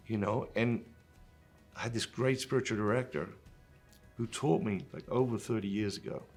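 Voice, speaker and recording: A man's voice: mid-range voice, slightly rough. A middle-aged man hosting a Catholic gospel reflection, reading scripture and then talking it over in an earnest, conversational way. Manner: earnest, conversational, with fillers and restarts.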